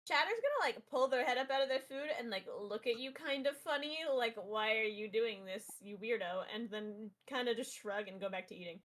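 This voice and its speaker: A woman narrating as game master, relaxed and chatty with many fillers. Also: sits high, brisk, few pauses.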